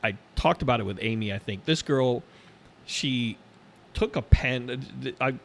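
A middle-aged man co-hosting a casual chat, animated and quick to jump into high-pitched impressions when quoting people. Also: gravelly, a little hiss or hum.

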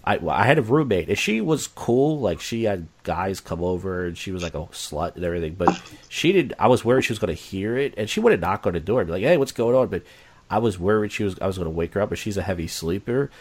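A man's voice: low voice, animated, quick pace, slight background noise. A man talking candidly in casual conversation, rambling and repeating himself, blunt and profane.

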